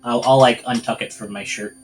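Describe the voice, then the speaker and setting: A man's voice: medium pitch, fairly even intonation, brisk, soft background music, poor audio. A man playing his character at a tabletop game, talking hesitantly with many fillers. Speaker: player.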